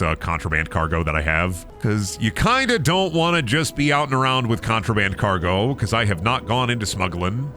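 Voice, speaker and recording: A man's voice: fairly low pitch, pushed and bright. Goofy, profane young man streaming a game. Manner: goofy, profane, playful voice swings. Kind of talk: casual gameplay commentary.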